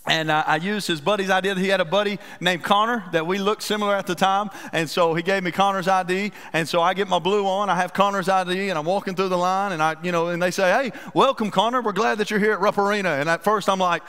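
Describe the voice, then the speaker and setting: Pastor, male. High voice, folksy and animated sermon storytelling, reverberant church hall. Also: fast, hardly any pauses, clean tone. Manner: folksy, animated storytelling with self-deprecating humor. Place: church sanctuary.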